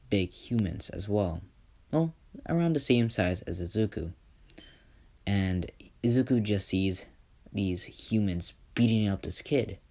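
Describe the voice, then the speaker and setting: A man's voice: lowish voice, a little mellow. A man casually improvising a fan story, rambling, leaning on filler words and correcting himself as he goes. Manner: rambling, leans on "just", self-corrects.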